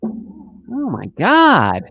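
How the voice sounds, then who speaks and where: A man's voice: high voice, huge pitch swings, extremely slow, creaky, pushed and bright, no echo, low-quality recording. A man hosting a casual live stream, joking and rambling in a playful, silly way.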